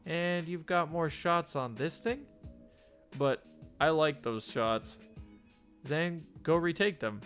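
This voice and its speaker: A man voicing a blunt, gruff young female alligator art student in a game. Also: fairly high pitch, slow, pauses often, a bit bright, faint music behind.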